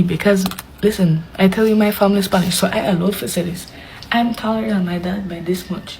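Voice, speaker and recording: A young woman tells a story casually, animated and dramatic, with hushed asides. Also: medium pitch, normal speed, slight background noise, poor audio. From Belize. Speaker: vlogger.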